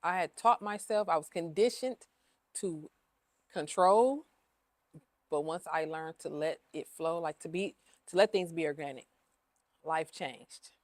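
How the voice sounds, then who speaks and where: A woman's voice: low voice, measured pace, long pauses, no echo. Earnest woman, dry close sound. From Ohio. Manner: emotional, repeats herself, many fillers. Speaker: cleaning business owner. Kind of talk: casual interview.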